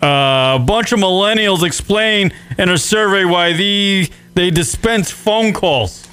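A man's voice: high voice, slow, bright, forceful tone, clear, resonant tone, exaggerated voice. A man putting on a pompous news anchor voice, drawing his words out in a mock announcer style. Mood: mock-grand.

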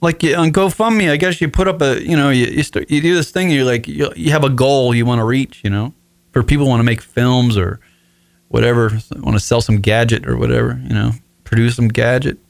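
A man's voice: mid-range voice, steady tone, a little fast, creaky, no room sound. Rambling, swearing man in his forties. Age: 40s. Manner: rambling, profane, emotional. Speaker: podcast host. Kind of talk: solo radio show monologue. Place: his own apartment.

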